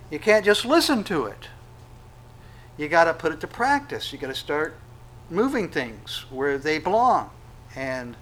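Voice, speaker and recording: A man preaching a sermon, conversational, with sudden loud acted-out quotes. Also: fairly high pitch, slight background noise, poor audio. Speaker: pastor.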